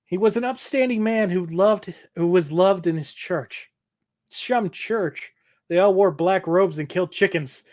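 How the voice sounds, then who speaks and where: A man's voice: high voice, a little slow, a little mellow. A man co-hosting a podcast, recapping an episode in casual chat, laughing often and acting out quotes. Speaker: podcast co-host.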